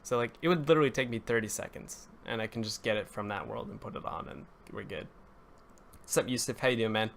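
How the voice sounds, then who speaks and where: A young man talks fast in a lowish, slightly bright voice with vocal fry, and there's a bit of background noise. He's live-streaming while he builds, rambling, correcting himself, greeting viewers and chatting with them casually as his voice cracks now and then.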